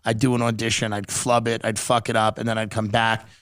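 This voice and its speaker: A man's voice: lowish voice, little pitch movement, a little fast, fairly bright tone. A man hosting a podcast, telling rambling, profane comic stories in a casual chat. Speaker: podcast host.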